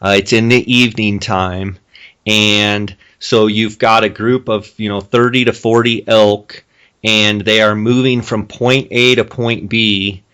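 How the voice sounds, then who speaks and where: A man's voice: on the low side, fairly even intonation, a little slow, a bit bright, clean tone. A man hosting a podcast interview who talks casually, often restarts his sentences and asks leading questions. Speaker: podcast host.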